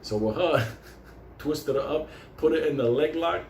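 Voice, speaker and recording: In an echoey room with faint ambience, a man with a slightly high, darkish voice and a touch of hiss or hum tells a street-fight story from his youth. He speaks at a measured pace, rambling loosely and profanely, often breaking into laughter as he goes.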